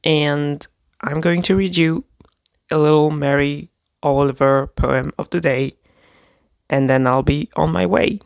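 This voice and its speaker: A book vlogger chatting casually and gushing excitedly about a secondhand book haul, rambling with lots of fillers. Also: medium pitch, unhurried, gravelly, smooth, no room sound, clean studio sound. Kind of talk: reading a poem aloud.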